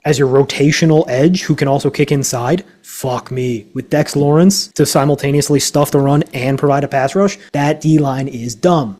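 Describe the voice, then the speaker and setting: Male co-host, mellow, emphatic and foul-mouthed, casual sports talk. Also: on the high side. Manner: profane, ranting, emphatic. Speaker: podcast co-host. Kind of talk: casual sports betting chat.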